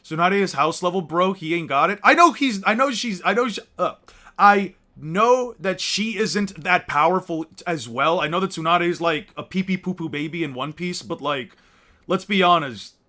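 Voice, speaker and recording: A man's voice: a little high, moderate pace, sharp tone. A young man ranting in exasperated, profane, mocking commentary as a YouTuber.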